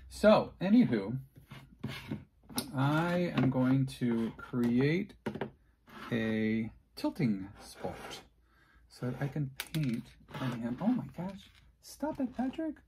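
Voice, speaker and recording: A man's voice: medium pitch, a little mellow, slight background noise. A man hosting an unscripted craft demonstration, chatting and joking and talking to himself as he works. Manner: chatty, jokey, talks to himself while working. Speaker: host and art teacher.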